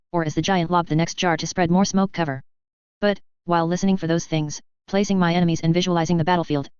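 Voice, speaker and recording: Clear, low-voiced woman reading a novel. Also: darkish tone, no room sound. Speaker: audiobook narrator. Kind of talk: first-person novel narration. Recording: slightly dull, dry close recording.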